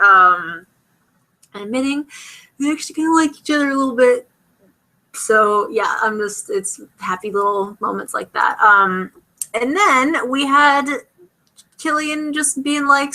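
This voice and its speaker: Bright, chatty young woman vlogger. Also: a little high, poor audio. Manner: chatty, rambling, acts out characters' lines in quick asides. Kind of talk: casual TV episode recap.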